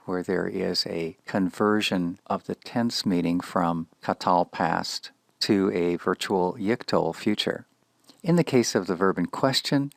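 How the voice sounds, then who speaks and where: A man teaching Biblical Hebrew grammar in a scripted lecture, speaking in a measured, deliberate way with precise enunciation. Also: low voice, gravelly, dry recording, studio quality.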